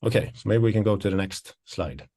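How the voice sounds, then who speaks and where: A man with a fairly low voice presents university programmes in an online webinar. He sounds a little winded and explains in a hesitant, searching way. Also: brisk, mellow. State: out of breath. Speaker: associate professor presenting programmes.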